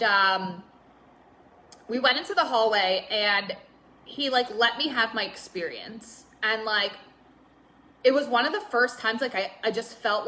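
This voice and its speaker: A woman's voice: mid-range voice, bright, forceful tone, a little hiss or hum. A woman hosting a casual live stream, chatty and earnest, with lots of "like" and fillers. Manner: chatty, heavy use of "like" and fillers; open and earnest.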